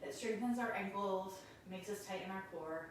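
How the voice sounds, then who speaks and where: A woman teaching a guided yoga class, giving calm, encouraging cues while doing the poses and a little out of breath. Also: mid-range voice, moderate pace, heavy reverb, far from the mic, a little hiss or hum, rough recording. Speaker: yoga instructor.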